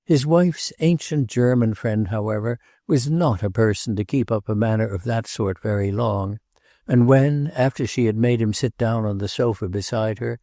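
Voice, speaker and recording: Gravelly, mellow male audiobook narrator. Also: fairly low pitch, normal speed, no room sound, studio quality. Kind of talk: scripted literary narration.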